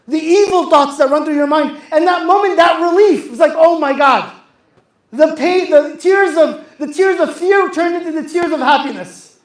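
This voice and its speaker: A man telling a religious story to young people, speaking with passion, repeating phrases and asking the audience questions. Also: very high voice. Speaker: youth speaker. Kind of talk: religious talk to a youth audience. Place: youth center hall. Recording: echoey hall.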